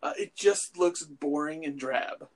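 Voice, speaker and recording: A man's voice: fairly high pitch, measured pace. A man co-hosting a casual podcast chat about films and TV, rambling and profane with lots of fillers. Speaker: podcast co-host.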